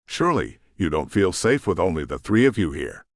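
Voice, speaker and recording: A man's voice: low voice, very animated, a little fast, dry recording, clean studio sound. A man voicing a hotheaded young woman in an audiobook, baiting and contrary. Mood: taunting.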